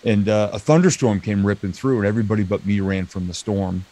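An American man, a motivational speaker and comedian, telling stories as an interview guest with lively acted-out quotes over a video call. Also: fairly low pitch, fast talker. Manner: animated storyteller, acts out quoted lines. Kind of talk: storytelling interview chat.

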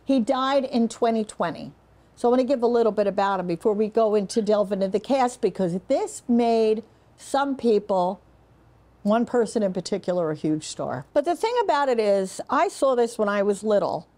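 A woman's voice: medium pitch, animated, moderate pace, mellow. An older woman co-hosting a film review show, chatting in a playful, teasing way. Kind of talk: casual chat. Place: production studio.

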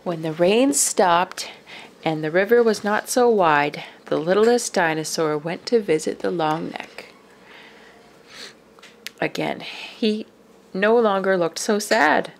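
A woman reading a children's picture book aloud, expressive and dropping to whispers for suspense. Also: lowish voice, takes it slowly, creaky, a little hiss or hum. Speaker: storyteller.

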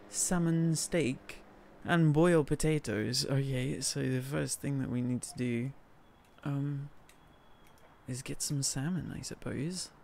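A man's voice: mid-range voice, fairly even intonation, slow, vocal fry, a little mellow, slight background noise. A man from northern England streaming a cooking game, chatting casually, thanking viewers by name and joking about himself. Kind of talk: casual live-stream chat.

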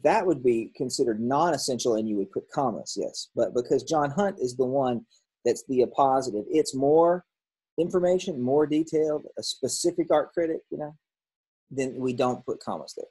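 Working aloud through workbook answers, a male grammar teacher reasons through each one and corrects himself as he goes. The recording is rough, and his mid-range voice has a slight roughness.

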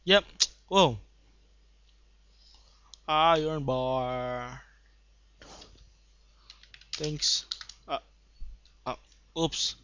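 A young man giving live gameplay commentary, bursting into excited shouts and then muttering low asides. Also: drawn-out words, long pauses, slight background noise. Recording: dull lo-fi home recording.

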